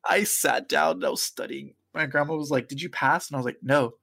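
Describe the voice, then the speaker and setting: A man's voice: a little high, fairly quick, vocal fry. A young man, a podcast co-host, telling a story in casual chat and acting out the other people's voices. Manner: animated storyteller acting out quoted voices, laughing often.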